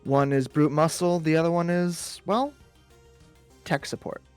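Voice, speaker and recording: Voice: medium pitch, fairly even intonation, unhurried, a little mellow, clear, resonant tone, faint music behind. A player in a tabletop role-playing game, moving between in-character talk and out-of-character asides and repeating words when unsure.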